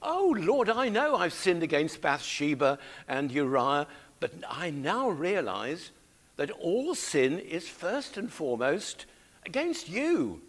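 A man's voice: a little high, sing-song, slow pace, voice pushed up, full character voice. A man voicing a repentant king, pleading fervently for mercy in prayer.

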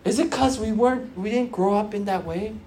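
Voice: medium pitch, fairly quick, warm tone, slight background noise. A preacher of Korean background giving an earnest sermon to young churchgoers, repeating phrases for emphasis and restarting often with fillers.

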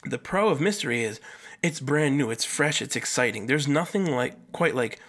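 Rambling, swearing male podcast host. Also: moderate pace. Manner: casual, rambling, frequent swearing and fillers; animated, jumps up in pitch for emphasis. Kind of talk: solo podcast monologue.

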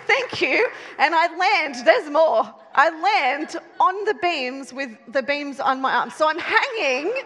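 A woman telling a funny personal story to a live audience, animated and self-mocking, laughing as she goes. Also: high voice. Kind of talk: storytelling talk with a moral. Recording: long hall reverb.

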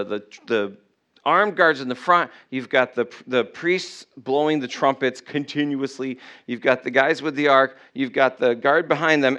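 A man preaching a sermon, telling a Bible story with lively acted-out voices. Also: mid-range voice, clear, resonant tone. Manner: animated storytelling, acts out voices. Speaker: pastor.

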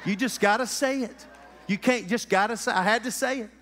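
High-voiced preacher in a hall. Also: male voice, brisk, some chatter behind, slight background noise. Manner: animated, calls out to the congregation. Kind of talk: lively sermon. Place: church sanctuary.

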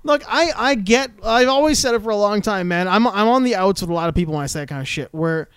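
A man's voice: high-pitched, animated, quick pace, fairly bright tone, clean tone, no room sound, studio quality. A man in casual podcast chat, joking and laughing often, swearing freely.

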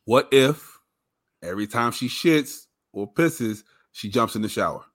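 A man's voice: medium pitch, expressive, unhurried, a bit bright. A man co-hosting a podcast in casual chat, laid-back and teasing, happy to play devil's advocate. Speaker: podcast co-host.

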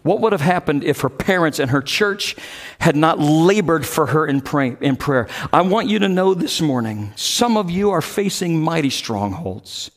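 A man preaching a sermon, telling a story emphatically and growing loud when he quotes others. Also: on the high side, lively intonation, normal speed.

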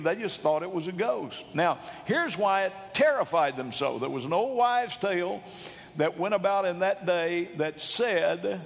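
A man preaching a sermon, emphatic, rising to loud shouts when he quotes. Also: fairly high pitch, gravelly. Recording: long hall reverb.

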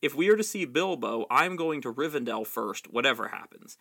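A man's voice: mid-range voice, lively intonation, normal speed, sharp tone, breathy edge, heavily acted. A man reading aloud, voicing an earnest, determined young male hobbit who speaks simply and resolutely.

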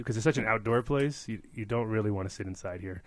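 Podcast co-host, male, low voice, quick rambling delivery, playful and loose. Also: dry recording. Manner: rambling, jokey, talks fast. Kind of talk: casual chat.

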